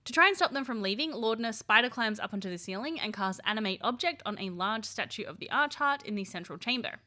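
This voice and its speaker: Woman, recap host, scripted narration, bright clear tone, fairly high voice. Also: animated, fast.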